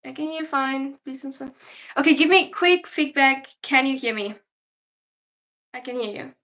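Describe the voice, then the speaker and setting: On a casual livestream, a tired young German woman reads and answers viewer questions in German-accented, non-native English. Her high-pitched, fairly bright voice comes at a moderate pace, and the recording has its highs cut off.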